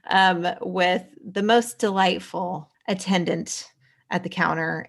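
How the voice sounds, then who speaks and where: A woman with a fairly low, gravelly voice chats casually as a podcast co-host. She recaps a story in a loose, rambling way, stopping to correct herself and filling gaps with ums and likes. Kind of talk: casual chat recapping a sitcom episode.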